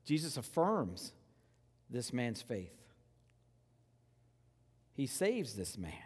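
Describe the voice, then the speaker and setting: Conversational preacher in a reverberant hall. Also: male voice, medium pitch, sing-song, husky. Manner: conversational preaching, swings from loud rhetorical questions to hushed, slow reverence. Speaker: pastor. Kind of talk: sermon.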